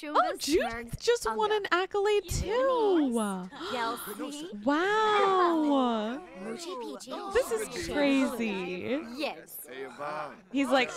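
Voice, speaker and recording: A young woman giving excited, gushing gameplay commentary, laughing often. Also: sits high, slow, pauses often, crowd noise. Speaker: let's play host.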